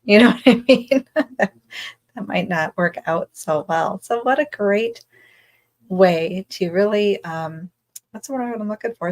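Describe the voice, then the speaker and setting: A woman's voice: fairly low pitch, rough recording. Bubbly woman hosting a self-care livestream. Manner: bubbly, effusive, greets viewers, reads comments aloud. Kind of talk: casual livestream chat.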